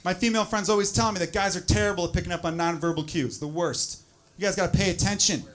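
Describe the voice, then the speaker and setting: A man performing a stand-up comedy set on stage, animated and swinging into loud exasperated bits. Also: high voice, quick pace. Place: comedy club stage with audience laughter. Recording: noisy live club recording.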